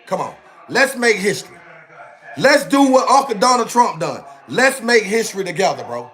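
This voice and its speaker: Young male streamer, casual and animated, slightly high voice, peppers his talk with "bro" and "man". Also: moderate pace. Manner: animated, repetitive, ends phrases with "bro" and "man". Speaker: channel host.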